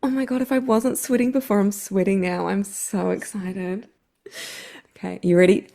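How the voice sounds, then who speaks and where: A woman with a New Zealand accent, co-hosting a podcast in excitable, casual chat full of "like" fillers. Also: mid-range voice, moderate pace, creaky. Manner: excitable, chatty with many "like" fillers. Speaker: podcast co-host.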